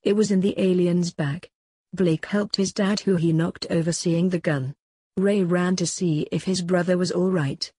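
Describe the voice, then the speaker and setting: Husky woman reading a story. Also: fairly low pitch, fairly even intonation, moderate pace, mellow, dry recording, clean studio sound. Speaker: narrator.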